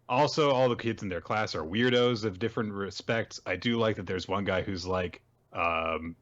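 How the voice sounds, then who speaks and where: Casual podcast co-host, male, low voice, chatty recap style, dull lo-fi sound. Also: animated, normal speed, a bit bright. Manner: chatty summarizing, acted quotes, frequent laughs. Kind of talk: casual chat recapping manga.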